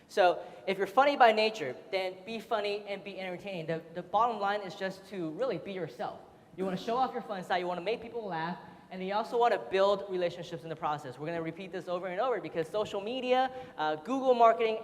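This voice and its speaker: A man giving a casual, chatty seminar talk to an audience, laughing often and full of fillers. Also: sits high. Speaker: seminar speaker. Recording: roomy hall reverb.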